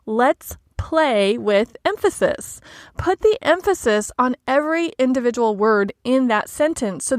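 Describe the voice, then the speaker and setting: A woman hosting a solo coaching podcast, talking in a gentle, measured, reflective way. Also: fairly high pitch, no room sound, clean studio sound. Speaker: life coach podcast host.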